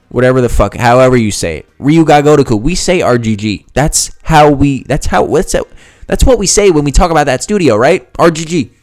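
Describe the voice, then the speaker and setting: A man's voice: mid-range voice, darkish tone, dry recording. Guy ranting about video games, swearing a lot, sarcastic, dry close sound. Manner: profane, heated and sarcastic. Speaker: gaming video host. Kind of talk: ranting reaction commentary.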